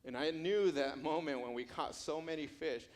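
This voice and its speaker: A man's voice: a little high, moderate pace, close to an everyday voice. A man playing Peter, a humble, outspoken fisherman disciple, confessing with stammering restarts.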